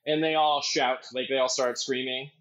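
A man narrating as game master, halting with many ums and uhs. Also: mid-range voice, little pitch movement, a bit bright. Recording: dull lo-fi audio.

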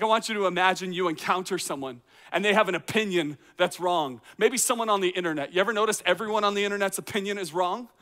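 In an outdoor courtyard, a teaching pastor preaches a conversational sermon in a high, bright, forceful voice. He fills it with rhetorical questions and acts out reactions.

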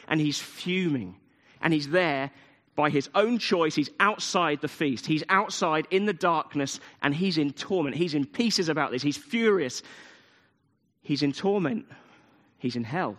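Preacher guy telling a story, repeats lines for emphasis, kinda high voice, lots of hall echo. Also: unhurried, fairly bright tone. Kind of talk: sermon. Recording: long hall reverb.

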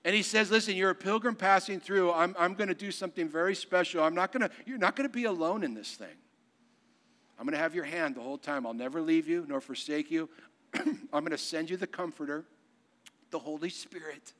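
Man, pastor, sermon, high voice, animated hushed-to-loud delivery. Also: a little fast. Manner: acts out quoted lines in a casual voice.

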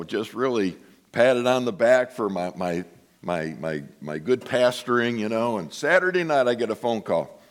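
Animated storytelling male pastor. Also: mid-range voice. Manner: animated storytelling, acts out voices. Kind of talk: sermon.

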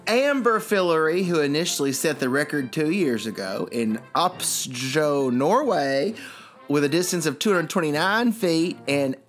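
A man co-hosting a comedy show, reading odd news with playful, drawn-out jokes. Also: fairly high pitch, animated, soft background music. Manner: playful, drawn-out jokey delivery. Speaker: comedy podcast co-host.

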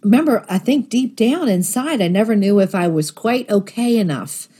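Husky-voiced woman telling a faith story. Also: medium pitch, lively intonation, moderate pace, warm tone. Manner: earnest storytelling, voicing quoted thoughts. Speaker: guest sharing testimony. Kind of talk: personal faith testimony.

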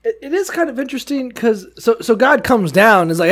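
A man's voice: very high voice, animated, fairly quick, a bit bright. A man co-hosting a casual Bible podcast, cracking crude jokes and acting out biblical figures in modern slang. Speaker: podcast co-host. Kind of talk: casual irreverent Bible discussion.

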